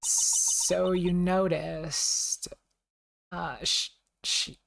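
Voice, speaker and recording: A woman's voice: on the low side, flat delivery, extremely slow, creaky, a little hiss or hum, heavily acted. A woman reading the lines of a nervous young woman witness, stammering and hesitant.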